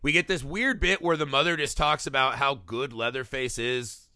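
A man co-hosting a casual podcast, reviewing a horror film with excited, profane enthusiasm and little acted-out bits. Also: medium pitch, dry recording, clean studio sound. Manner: excited, profane, acts out scenes in quick bursts. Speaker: podcast co-host.

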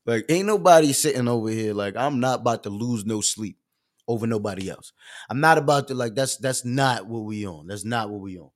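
A young man hosting a live stream, ranting with heavy slang and swinging from loud bursts to low asides. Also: expressive, fairly quick. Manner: profane, streetwise slang. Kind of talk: animated rant on a live stream.

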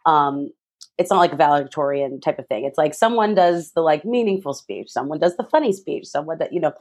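Animated young woman telling a story. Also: fairly quick. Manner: lively, mimics voices with big pitch jumps. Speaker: guest.

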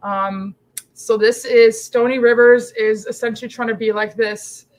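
Lively, chatty woman guest. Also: on the high side, poor audio. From Canada. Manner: animated and chatty, quick bursts of laughter. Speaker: podcast guest. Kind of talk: casual chat.

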